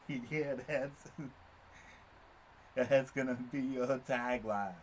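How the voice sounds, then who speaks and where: A man's voice: medium pitch, slight background noise. A man chatting playfully with his cat while filming, teasing it and laughing often. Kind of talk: casual talk to a pet.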